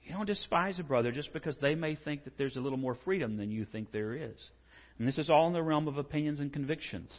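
A man giving a conversational sermon as a pastor, asking the congregation rhetorical questions and building to animated emphasis. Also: on the high side, quick pace, long reverb tail, dull audio.

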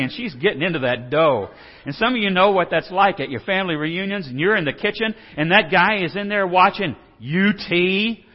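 A man's voice: high voice, lively intonation, moderate pace. Male Bible teacher, jokey and folksy, dull lo-fi pickup with long reverb. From Texas. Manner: folksy, joking, asks the audience questions. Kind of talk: animated Bible lesson. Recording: dull reverberant hall sound.

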